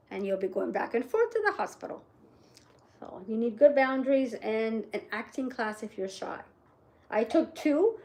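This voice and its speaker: A middle-aged woman chats casually to her camera with a somewhat high voice. She rambles and restarts, tossing in "right?" as she goes. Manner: rambling, chatty, frequent "right?" tag questions. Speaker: vlogger.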